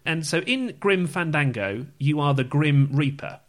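A man's voice: on the high side, animated, measured pace. A man co-hosting a gaming podcast in a rambling, chatty way. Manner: rambling, chatty, self-correcting. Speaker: podcast co-host. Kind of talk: casual chat.

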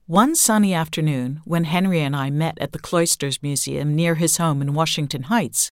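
A woman reading a long-form essay aloud as scripted narration, in a measured, even-toned way. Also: low voice, no echo, clean studio sound.

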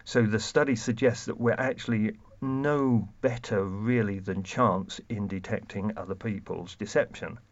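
A man with a lowish voice lays out research findings in a measured, explanatory way, now and then restarting a phrase. The recording sounds a little dull and lo-fi. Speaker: deception researcher guest. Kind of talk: expert explanation.

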